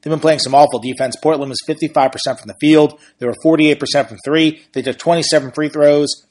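A man's voice: a little high, fairly even intonation, fast, darkish tone. A man, a sportswriter and podcast host, talking through team stats and standings in an analytical, conversational way. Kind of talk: casual sports commentary.

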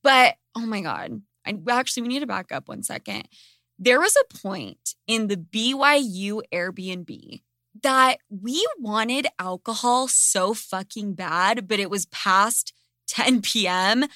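A woman's voice: mid-range voice, lively intonation, slow, sharp tone, no echo, studio quality. A woman hosting a podcast, telling a story in casual chat with dramatic flair and lots of swearing. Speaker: podcast host.

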